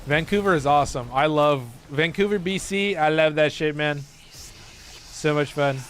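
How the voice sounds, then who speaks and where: A man's voice: on the high side, unhurried, fairly bright tone, a little hiss or hum. A man with a Californian accent chatting loosely and swearing while streaming a game. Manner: loose and joking, swears often. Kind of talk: casual live-stream chat while gaming.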